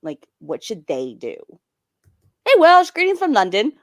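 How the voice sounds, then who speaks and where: A woman's voice: a little high, wildly swooping pitch, a little slow, no room sound. Dry, sarcastic woman stream host. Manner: sarcastic, drawling, chatty with viewers. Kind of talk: casual live-stream commentary.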